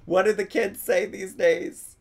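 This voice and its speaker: A man live-streaming from home, reacting to a cooking video with wry, giggly commentary and thinking out loud. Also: sits high, fairly even intonation, measured pace, a little hiss or hum. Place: home with his dog.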